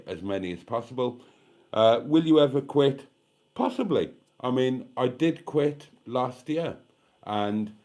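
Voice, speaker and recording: A man's voice: medium pitch, a little mellow. A tired, slightly tipsy British man in his fifties, chatting casually on a live stream and reading out viewer comments, swearing now and then. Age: 50s. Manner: chatty, swearing, self-deprecating. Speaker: vlogger hosting a live stream.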